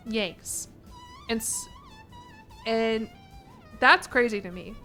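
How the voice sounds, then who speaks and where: A young American woman chatting casually on a stream, animated and quick to laugh as she answers her chat. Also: fairly high pitch. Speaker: vtuber streamer.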